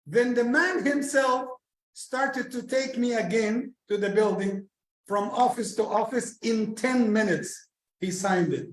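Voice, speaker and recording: A man's voice: very high-pitched, a little slow, roomy sound, rough recording. A man giving a sermon as imam, telling a personal story, repeating phrases and acting out the quoted exchanges. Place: mosque prayer hall.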